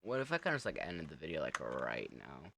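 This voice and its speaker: A man's voice: very deep voice, wildly swooping pitch, a little fast, creaky, bright, forceful tone. A young man casually joking through a horror game, teasing the monster with lots of laughter. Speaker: gamer playing a horror game. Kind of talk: casual let's-play commentary.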